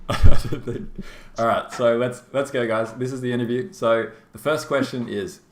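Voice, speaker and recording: A roomy echo and a little hiss or hum surround this Australian man's medium-pitched, steady voice at a normal speed. As caster and host of a game tournament stream, he chats casually and rambles, laughing often and filling gaps with fillers.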